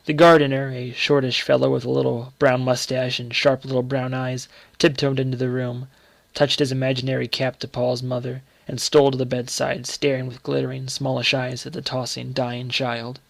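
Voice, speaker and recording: A man narrates a short story in a measured, dramatic manner. His voice is gravelly and dry, with no room sound around it. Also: medium pitch, little pitch movement, dry recording.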